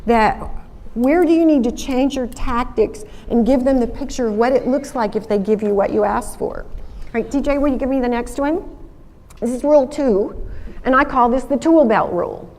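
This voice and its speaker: A woman's voice: a little high, normal speed, darkish tone, big-room sound, rough recording. A woman with a Southern accent speaking as a guest at a school assembly, telling folksy stories and acting out her phone calls. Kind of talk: motivational talk to a school assembly.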